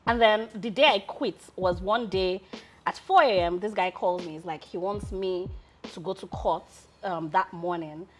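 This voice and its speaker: Nigerian woman telling lively stories. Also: fairly low pitch. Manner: lively storyteller, often breaks into laughter. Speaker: guest, lawyer and founder. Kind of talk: casual interview storytelling.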